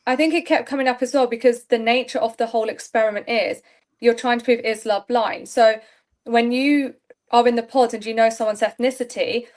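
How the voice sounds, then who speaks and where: Young adult woman, candid and chatty interview guest; slightly high pitch. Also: fairly even intonation, brisk, darkish tone. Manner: chatty, candid, laughs often. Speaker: reality show contestant guest. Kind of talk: casual interview chat.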